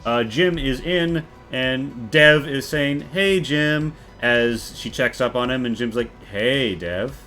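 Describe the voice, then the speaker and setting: A man's voice: mid-range voice, a little slow, few pauses, bright, forceful tone, soft background music. A man narrating a tabletop game as game master, in a loose, casual way with many fillers.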